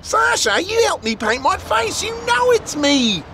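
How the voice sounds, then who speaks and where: A man's voice: extremely high pitch, big pitch swings, unhurried, crowd noise, voice pushed up, exaggerated voice. A man voicing a bossy young girl in a witch costume who likes to take charge of her group of friends.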